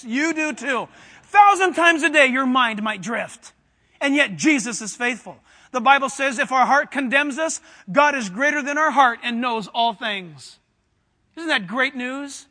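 A male preacher with a very high, bright voice that rings through a long hall reverb. He presses his congregation with direct questions and climbs into fervent shouting. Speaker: pastor. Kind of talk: sermon.

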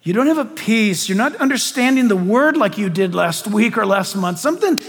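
A male pastor delivers an animated sermon to his congregation. His voice sits very high and swings from loud bursts down to hushed, quiet stretches. Long reverb from the large hall trails each phrase. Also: moderate pace.

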